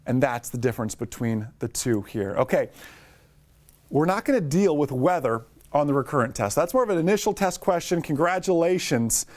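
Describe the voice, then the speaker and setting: A man teaching a live online lesson for drone pilots, talking fast and upbeat, greeting viewers by name. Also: a little high, animated.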